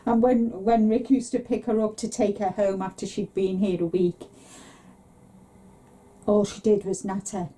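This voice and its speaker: A middle-aged woman chats casually on a podcast. Her voice is very dark and mellow, set at a middle pitch. She rambles a little and lifts her voice to mimic relatives. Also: steady tone, measured pace. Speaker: podcast co-host. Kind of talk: casual chat.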